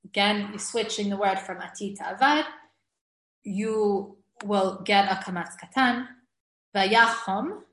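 Woman, grammar teacher, patient lecture, repeats words for emphasis, roomy echo. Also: mid-range voice. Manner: explains patiently, repeats words to stress the right reading. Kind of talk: recorded lecture.

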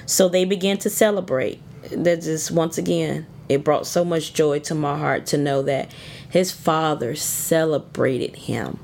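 A woman's voice: sits low, animated, unhurried, gravelly, a little mellow. A woman giving an informal devotional talk, earnest and conversational as she urges her listeners on. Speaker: devotional speaker.

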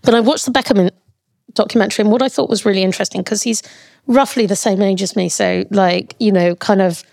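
A woman's voice: medium pitch, fast, vocal fry, a little mellow, dry recording, studio quality. A woman co-hosting a casual podcast interview, talking bluntly and swearing freely. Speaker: podcast co-host.

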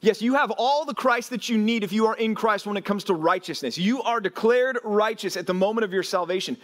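A man's voice: sits high, a little fast. A man preaching a sermon as pastor, telling stories and acting out quotes, with frequent "right?" asides to his listeners.

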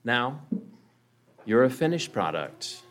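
A calm, patient master potter from a told parable speaks low and soft, firm but never hurried, as a man plays him. His pace is slow, yet his pitch still moves with feeling. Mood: gently explaining.

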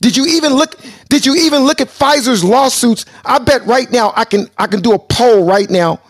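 High-voiced man arguing hard. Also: normal speed, no room sound, studio quality. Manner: argumentative, repeats phrases, talks over others. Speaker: host. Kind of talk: heated panel debate.

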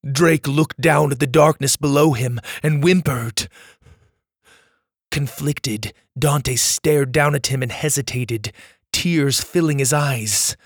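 A man reading a children's adventure story as its narrator, in a measured and dramatic storytelling manner. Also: mid-range voice, no echo, clean studio sound.

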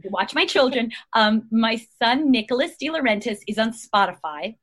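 A woman's voice: on the high side, animated, moderate pace, fairly bright tone. A woman in her fifties, a guest actress chatting casually, rambling through her thoughts and laughing often. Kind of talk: casual chat.

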